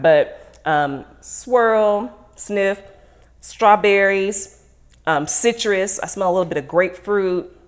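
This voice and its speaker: A woman chatting casually and playfully while unboxing and tasting wine. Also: deep voice. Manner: chatty, playful, self-teasing. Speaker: wine vlogger.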